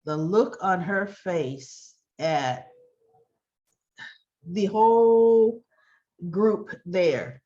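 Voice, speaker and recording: A woman's voice: medium pitch, drawn-out words, pauses often, warm tone, lo-fi sound. A woman giving a casual, chatty recap of a soap opera episode, retelling the scenes by acting out the characters' lines.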